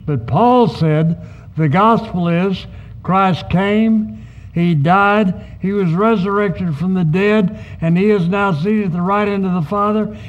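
A man preaching a sermon as pastor, teaching in a measured, emphatic way and acting out short quoted asides. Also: high-pitched, lo-fi sound.

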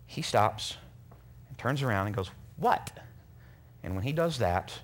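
Animated middle-aged man preaching. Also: on the low side, moderate pace. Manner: earnest, animated storyteller who acts out quotes. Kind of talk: sermon with personal storytelling.

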